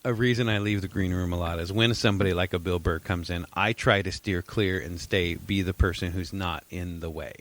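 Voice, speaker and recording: A man co-hosting a podcast talks through his views in a thoughtful, winding way, often repeating himself before he lands a point. His voice sits somewhat low for a man. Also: steady tone, brisk, hardly any pauses. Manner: thoughtful, repeats and restarts words while explaining. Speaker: podcast co-host. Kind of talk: casual chat.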